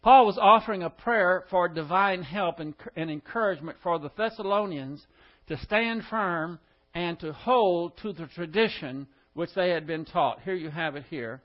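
A man's voice: high voice, a little slow, muffled recording. A male pastor giving an expository Bible lesson, methodically explaining the word order of the Greek text.

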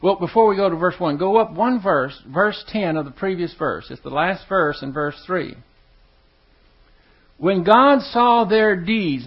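A man preaching a sermon, teaching verse by verse and acting out the words of scripture with lively emphasis. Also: sits high. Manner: animated, acts out scripture voices with emphasis. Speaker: pastor. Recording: dull lo-fi sound.

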